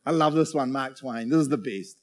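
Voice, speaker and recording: A man's voice: mid-range voice, brisk. A man preaching a casual sermon, joking around and checking in with the crowd after almost every point. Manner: chatty and jokey, keeps checking in with the crowd.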